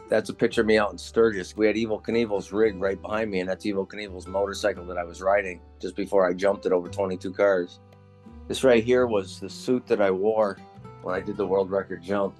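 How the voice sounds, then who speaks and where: Low-voiced man in his sixties reminiscing. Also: fairly even intonation, a little fast, darkish tone, faint music behind. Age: 60s. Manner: folksy storyteller, laughs at his own tales. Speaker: retired motorcycle stunt rider. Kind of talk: casual reminiscing on a tour of his memorabilia.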